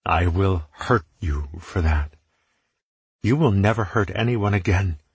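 An arrogant swordsman villain who jeers and growls threats, played by a male narrator. His voice sits low with a husky grain. The recording is dry and close. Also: lively intonation, slow, no room sound, heavily acted. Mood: menacing. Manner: jeering, menacing.

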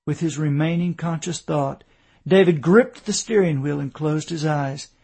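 A man narrating a novel in a measured storytelling voice. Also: on the high side, vocal fry, mellow, breathy edge. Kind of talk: audiobook narration.

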